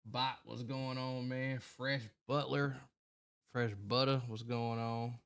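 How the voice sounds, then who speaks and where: A man's voice: medium pitch, little pitch movement, takes it slowly, a bit bright, clear, resonant tone. A young man hosting a casual late-night gaming livestream, greeting viewers by name in a laid-back, colloquial way. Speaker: gaming streamer.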